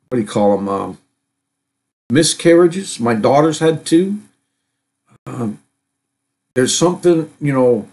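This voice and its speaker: A middle-aged man hosts a live stream, reading news items aloud and commenting on them. His voice is a little high with a darkish tone, and he rambles haltingly, with many fillers and restarts.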